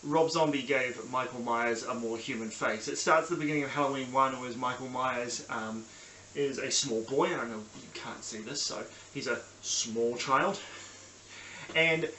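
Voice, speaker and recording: A young New Zealand man rambles through a casual review, full of ums and restarts. His voice is bright and forward, and it bounces around a small echoey room with a faint hiss behind it. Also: medium pitch. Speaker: podcast host. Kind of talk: casual solo review vlog. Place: small sunny room at home.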